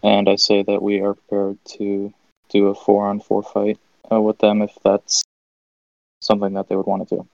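A man's voice: on the low side, monotone, normal speed, creaky, a little mellow, no room sound. A man playing a tabletop role-playing game, talking casually and hesitantly with fillers. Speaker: player. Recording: dull, lo-fi dry mic.

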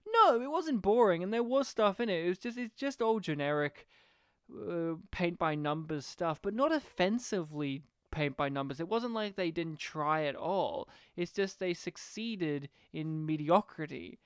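A man's voice: high-pitched, normal speed, smooth, no echo, clean studio sound. A man co-hosting a podcast, chatting casually about a movie and acting out lines from it with lots of swearing. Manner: animated, sweary, acts out quotes. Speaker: podcast co-host reviewing a movie. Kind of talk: casual chat.

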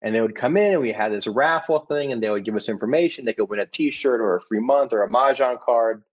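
A man's voice: mid-range voice, fast talker, lo-fi sound. A man in his thirties, a startup founder, talking casually in an interview and acting out the customers he quotes. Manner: animated, acts out quoted customers with restarts.

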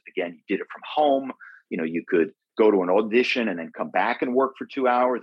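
A middle-aged man, speaking as an interview guest, loosely rambles through a long personal story full of fillers and restarts. His pitch is fairly low, and the audio is dry and dull.

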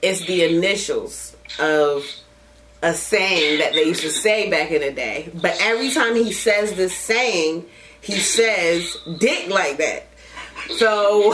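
A woman's voice: mid-range voice, slow pace, fairly bright tone, a little hiss or hum. Profane, laughing woman host. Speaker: podcast host. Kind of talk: casual chat.

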